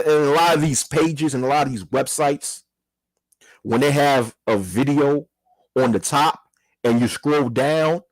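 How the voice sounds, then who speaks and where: A man's voice: mid-range voice, husky, no room sound. A man hosting his own channel, reading a news article aloud and commenting in a casual way, with an apology or a mild curse now and then.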